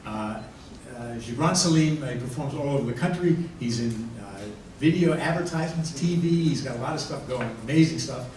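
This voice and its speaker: A man in his sixties, a rabbi doing stand-up comedy, telling jokes dryly with pauses before punchlines. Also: mid-range voice, animated, a little mellow. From United States. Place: large hall with audience. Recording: echoey hall from far off, room noise.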